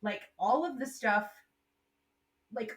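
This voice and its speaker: A woman's voice: fairly high pitch, slow pace, reverberant. A woman co-hosting a casual book discussion, chatty and thinking aloud with lots of fillers. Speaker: podcast co-host.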